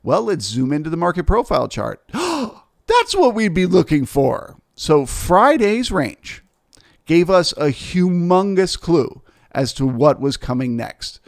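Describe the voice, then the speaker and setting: A man's voice: high voice, gravelly. Man explaining with rhetorical questions. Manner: rhetorical questions with frequent "right?" and "okay?" check-ins. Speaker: futures trader and trading educator. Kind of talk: explanatory market lesson.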